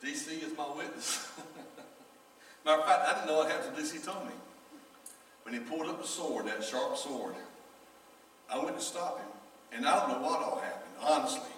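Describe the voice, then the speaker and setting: A man's voice: a little high, normal speed, long pauses. A man, a pastor telling a story in his sermon and acting out the people in it. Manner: animated storyteller acting out quoted voices. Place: church sanctuary. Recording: echoey church hall from far off.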